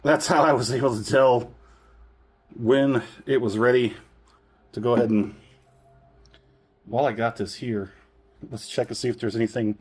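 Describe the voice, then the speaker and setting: A man's voice: mid-range voice, fairly even intonation, moderate pace, long pauses, darkish tone, husky. A man reviewing a whisky in a casual, rambling way, often correcting himself and chuckling. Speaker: spirits reviewer.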